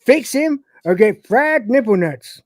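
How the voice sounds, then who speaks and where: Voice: medium pitch, expressive, unhurried, dry recording, clean studio sound, voice pushed up, natural voice. A podcast host putting on the voice of a menacing male simulant slaver who barks threats. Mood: threatening. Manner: barking threats. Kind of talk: retelling an episode in character.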